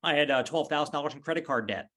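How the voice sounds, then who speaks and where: A man's voice: a little high, rapid-fire. A middle-aged man as a podcast guest, telling stories casually and acting out the voices of people in his anecdotes. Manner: animated, acts out voices in anecdotes. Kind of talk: casual storytelling interview. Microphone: video call.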